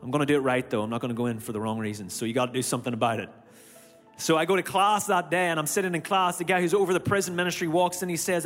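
An Irish-accented church speaker delivers a sermon in a church auditorium, rattling off a personal story in rapid-fire fashion and acting out how he reacted. His voice is fairly high and fairly bright; long hall reverb and faint background music fill the recording.

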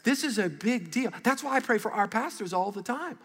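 A middle-aged man, a pastor, preaching an animated, conversational sermon and calling for responses from a large congregation. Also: high-pitched, fairly quick, husky, long reverb tail. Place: large church auditorium.

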